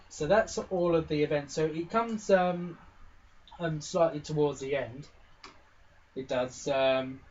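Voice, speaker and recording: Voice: mid-range voice, a little mellow, dull audio, a little hiss or hum. A game master narrating a pony tabletop role-playing game in a rambling, casual way full of fillers.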